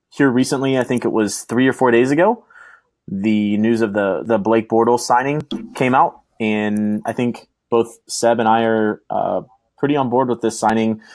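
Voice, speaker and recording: A man's voice: on the low side, a little mellow, no echo. Joking, crude young man co-host. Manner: joking, crude teasing banter. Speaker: podcast co-host. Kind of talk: casual chat.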